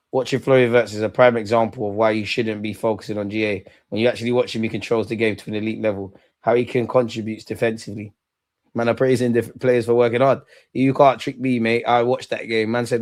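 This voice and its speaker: A man's voice: mid-range voice, a little fast. A young man hosting a livestream football reaction, ranting and taunting his chat. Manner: excitable, taunting, shouts at chat. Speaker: fan channel host.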